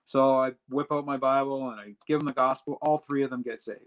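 A man telling a personal story in a casual, animated way, acting out the dialogue as he goes. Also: mid-range voice, a little fast, poor audio. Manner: animated retelling that acts out quoted dialogue. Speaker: storyteller recounting a personal trip.

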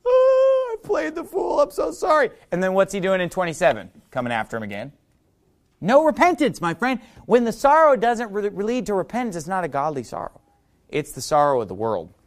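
High-voiced man preaching a sermon. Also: very animated, a little fast. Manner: asks the audience rhetorical questions, reads scripture aloud. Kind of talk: sermon, Bible teaching.

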